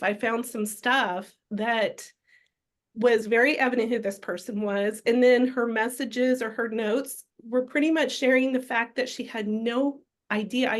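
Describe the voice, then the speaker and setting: A woman with a slightly raised pitch, speaking earnestly as an interview guest. She reflects on what happened and hands the story on to her co-guest.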